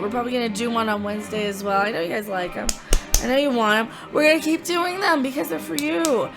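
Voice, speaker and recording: Woman vlog host, sarcastic theatrical rant, slightly high voice, music bed. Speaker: commentary channel host. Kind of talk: ranting commentary vlog. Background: background music.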